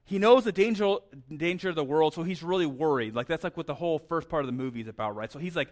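A man's voice: a little high, animated, fast talker, hardly any pauses. Chatty, stammering man preaching. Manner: conversational, stammers and repeats words. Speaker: pastor. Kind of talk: sermon.

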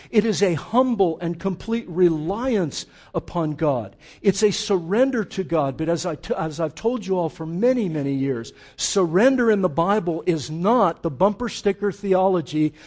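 A middle-aged man preaching a sermon as pastor, impassioned, swinging between loud urging and hushed intensity. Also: high voice.

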